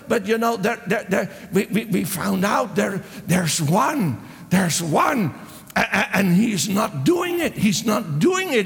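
A man preaching a sermon with passion, breaking into shouts and acting out the people in his story. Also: sits high, very animated, a little slow, gravelly. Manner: impassioned, exclaims and voices the characters. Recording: long hall reverb.

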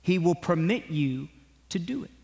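High-voiced preacher in an echoing hall. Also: male voice, moderate pace, vocal fry. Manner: animated storytelling with exhortation. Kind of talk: sermon. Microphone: broadcast to online viewers. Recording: long hall reverb.

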